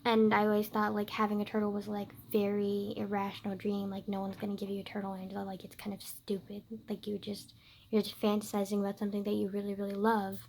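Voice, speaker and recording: A girl in her late teens chatting casually to camera, telling a story with lots of "like," swinging between loud outbursts and quiet asides. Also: mid-range voice, monotone, quick pace, vocal fry, a little hiss or hum. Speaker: vlogger.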